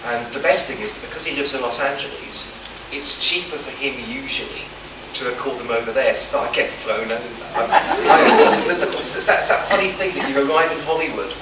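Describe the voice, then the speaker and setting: A man's voice: mid-range voice, fairly quick, hardly any pauses. An English man with a stammer, telling self-deprecating, humorous anecdotes as a guest writer on a convention panel, often restarting his sentences. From England. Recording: echoey room from far off, noisy.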